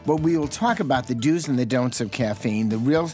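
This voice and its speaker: A man's voice: mid-range voice, a little fast, darkish tone, soft background music. A man, a family doctor co-hosting a radio health show, talking in a chatty, joking, reassuring way. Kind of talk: casual radio health talk. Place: radio studio. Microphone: studio mic.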